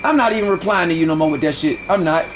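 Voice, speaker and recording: A man's voice: on the high side, fast, a little hiss or hum. A man streaming live who argues heatedly with his chat, repeating himself and swearing a lot. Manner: heated, repetitive, profane arguing.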